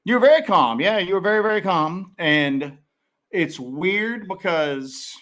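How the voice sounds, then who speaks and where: Animated higher-voiced man telling a story. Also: unhurried. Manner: animated storyteller, jumps in pitch when excited. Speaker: co-host of a paranormal live stream. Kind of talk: casual live-stream chat.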